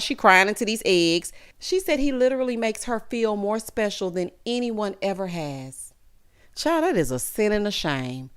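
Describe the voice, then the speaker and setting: A woman in her thirties giving a sassy, animated recap of a reality show, calling her viewers honey and child. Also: medium pitch, normal speed, clean tone. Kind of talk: casual recap commentary.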